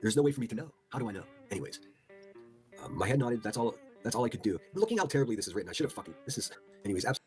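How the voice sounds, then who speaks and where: A man's voice: mid-range voice, very animated, very fast, darkish tone, faint music behind. A man hosting a livestream, reading posts aloud with incredulous, profane commentary. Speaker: livestream host.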